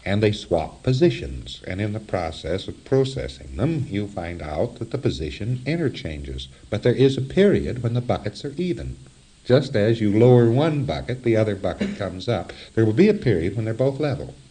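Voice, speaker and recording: A man giving a spoken lecture in an animated, wry way with chuckling asides. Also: fairly low pitch, normal speed, slightly rough.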